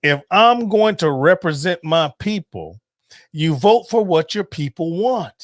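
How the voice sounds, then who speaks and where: A man in his fifties hosting a casual podcast, animated and joking, swearing freely and laughing often. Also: a little high, unhurried, no echo, studio quality. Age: 50s. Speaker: podcast host. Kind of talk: casual livestream podcast chat.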